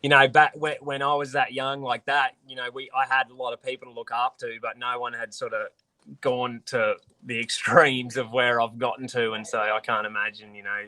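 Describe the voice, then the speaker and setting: A man's voice: mid-range voice, flat delivery, normal speed, bright, forceful tone. An Australian man, a professional angler, chatting casually and with easy laughs on a call. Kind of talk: casual video call chat.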